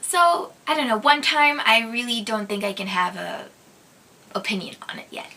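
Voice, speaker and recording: Young woman, from Minnesota, casual vlog chat, bright clear tone, fairly high voice. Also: expressive, normal speed. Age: young adult. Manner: chatty, giggly, hesitant with many ums. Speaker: vlog host.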